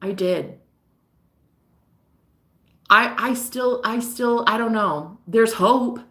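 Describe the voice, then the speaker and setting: A woman's voice: a little high, takes it slowly, fairly bright tone. A young woman vlogging at night, sad and unable to sleep, rambling candidly and swearing as she tells a personal story. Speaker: vlogger and psychic reader. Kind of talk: confessional late-night vlog.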